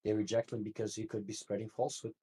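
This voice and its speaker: A man with a low, husky voice debates casually over voice chat. He talks fast and fires questions straight back. His tone stays loose and informal throughout. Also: level tone, dark tone, poor audio. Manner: casual, says "bro", questions back quickly.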